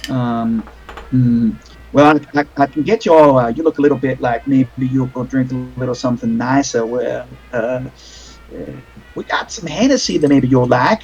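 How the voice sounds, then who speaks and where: A man's voice: mid-range voice, moderate pace, darkish tone, breathy edge, muffled recording, soft background music. Man putting on a drawling Southern waitress. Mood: teasing. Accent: American Southern.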